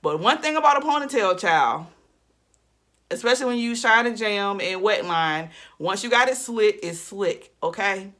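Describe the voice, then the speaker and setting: A woman's voice: medium pitch, lively intonation, moderate pace, sharp tone. A woman vlogging about hair care in a casual, chatty way, talking straight to her viewers. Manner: chatty, talks straight to viewers as y'all and child. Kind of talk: casual chat to camera.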